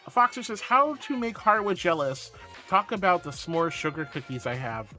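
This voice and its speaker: Brief: woman streamer, bright tense voice, gushing and playful with chat, soft music under. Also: fairly low pitch, lively intonation, normal speed. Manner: gushing and affectionate, sweet pet names; playful, meows and rawrs. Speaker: VTuber streamer. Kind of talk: casual live-stream chat, reading chat aloud.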